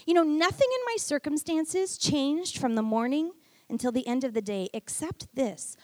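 A middle-aged woman preaching a sermon, telling a personal story that swings from hushed to emphatic. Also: high voice, sing-song, normal speed, no echo.

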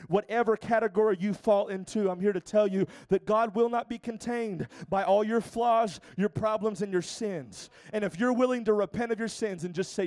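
A male pastor preaching a sermon, rising from quieter asides to shouted exhortations. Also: high voice, normal speed, few pauses.

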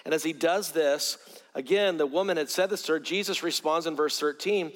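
A man's voice: on the high side, a little fast, fairly bright tone. A man preaching a sermon, earnest, often repeating words as he starts a phrase. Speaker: pastor. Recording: long hall reverb.

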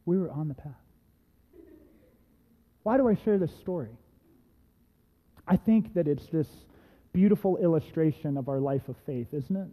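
A man preaching in a church, leading into his point through a chatty personal anecdote full of little asides. His voice sits high but has a mellow, soft-edged tone. The sound carries a long reverb tail from the sanctuary. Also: normal speed, long pauses. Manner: lively anecdotal, conversational asides. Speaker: pastor. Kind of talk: storytelling sermon.

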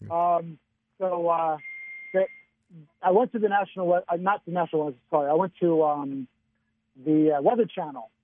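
A man calling in to give a weather forecast on the radio, with a relaxed, chatty delivery and frequent chuckles. His voice sits a little high, and it comes through a thin, phone-like line with no room sound at all. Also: normal speed, long pauses, dry recording. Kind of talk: casual radio weather chat.

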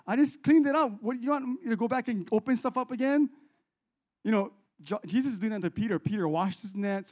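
A man preaching a conversational sermon, acting out the disciples' lines in an animated way. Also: high voice. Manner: conversational, animated, acts out biblical dialogue. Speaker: pastor.

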